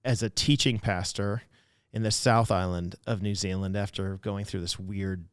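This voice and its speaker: Clear-voiced, lower-pitched man telling stories. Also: normal speed, no room sound, studio quality. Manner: animated storytelling with frequent restarts. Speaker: pastor, interview guest. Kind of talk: casual conversational interview.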